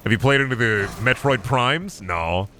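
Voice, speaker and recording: A man streaming a game, chatting in an animated, rambling, profane way. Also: mid-range voice, a little slow, faint music behind. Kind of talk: casual livestream gameplay chat.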